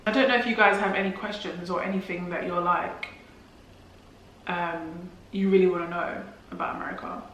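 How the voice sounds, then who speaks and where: A woman's voice: on the low side, fairly even intonation, moderate pace, fairly bright tone, slight background noise. Chatty young London woman, echoey room. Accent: London English. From England. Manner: chatty, many "like" fillers and restarts. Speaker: vlogger. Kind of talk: casual chat to camera.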